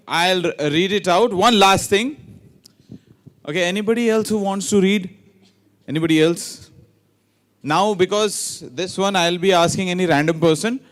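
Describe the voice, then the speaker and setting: A playful male emcee with a high voice speaks at a moderate pace. He's the event host running a lively quiz game at a ceremony in a large hall, switching between English and Hindi.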